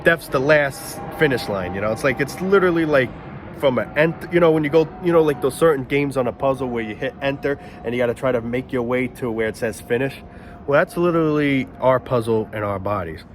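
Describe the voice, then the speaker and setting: A man with a mid-range voice gives a casual, rambling monologue outdoors near planes and traffic, with slight background noise. He often pauses to search aloud for the right word.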